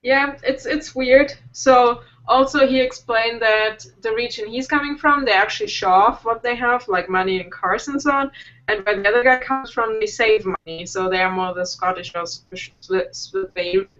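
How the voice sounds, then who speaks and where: Native German woman from the south, live-stream co-host; playful casual chat, bright tone. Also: fairly high pitch, moderate pace. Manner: chatty and playful, laughs easily. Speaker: co-host of a live web show. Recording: dull lo-fi stream audio.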